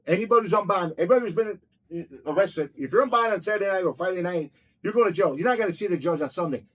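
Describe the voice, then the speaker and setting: A man telling a story in a casual interview, profane and excitable, repeating himself as he goes. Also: high voice, rapid-fire. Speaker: restaurant owner telling his story.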